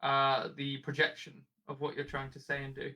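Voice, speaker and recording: A man's voice: medium pitch, completely flat delivery, normal speed, pushed and bright. A man hosting a casual interview chat, laughing often and asking easy questions. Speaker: host.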